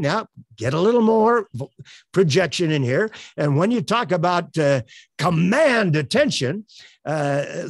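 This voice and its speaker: An older man coaching on elevator pitches in an online presentation, earnest and promotional, with many uhs. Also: slightly rough, no echo. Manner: filler-heavy, earnest, promotional. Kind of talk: webinar presentation. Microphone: webcam on a tripod.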